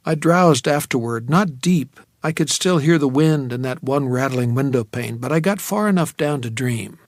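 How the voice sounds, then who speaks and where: A man reading a novel aloud as an audiobook narrator, in a measured storytelling manner. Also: mid-range voice, animated, dry recording, clean studio sound.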